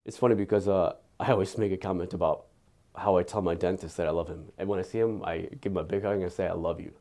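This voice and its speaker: A man giving an earnest, candid patient testimonial, halting and often repeating his words. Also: deep voice, fairly even intonation, warm tone.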